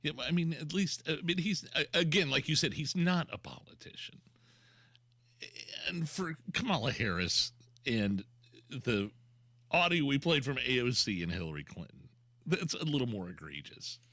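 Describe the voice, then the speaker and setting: A male co-host jokes through talk radio banter in a laid-back way. His voice is bright and animated, recorded dry in a studio. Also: mid-range voice, normal speed, no room sound. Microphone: studio microphone.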